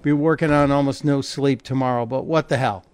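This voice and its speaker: A man's voice: mid-range voice, steady tone, fairly quick, darkish tone, clean tone. A man hosting a call-in radio talk show, chatting casually and joking with a caller. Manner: chatty, joking, laughs easily. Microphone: studio microphone.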